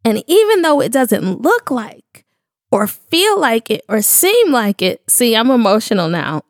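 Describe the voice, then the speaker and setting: A woman's voice: a little high, very animated, unhurried, no echo. A woman speaking in a studio, giving a candid, emotional devotional talk to her audience in a casual, slangy way.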